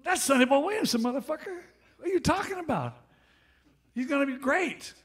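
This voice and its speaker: A man voicing an indignant young male blues guitarist in a high, shouted outburst. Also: lively intonation, brisk.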